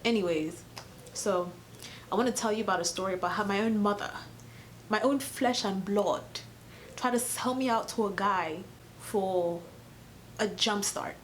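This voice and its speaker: Young woman from Cameroon, casual storytime vlog, animated, sarcastic, laughs a lot, middle pitch, faint background noise. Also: a little slow, long pauses. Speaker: YouTuber.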